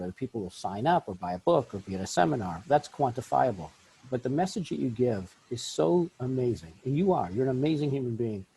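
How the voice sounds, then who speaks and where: A man hosting a podcast interview in casual chat, effusive and quick to laugh. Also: mid-range voice, vocal fry, dark tone, husky, low-quality recording. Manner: effusive, laughs often, talks in bursts. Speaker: podcast host.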